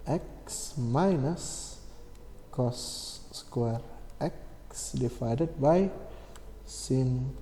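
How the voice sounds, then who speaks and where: A man explaining a maths problem step by step, slow and methodical, with many fillers and self-corrections. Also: medium pitch, dark tone. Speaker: maths tutor. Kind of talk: screen-recorded maths lesson. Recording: echoey room with long reverb, faint hum.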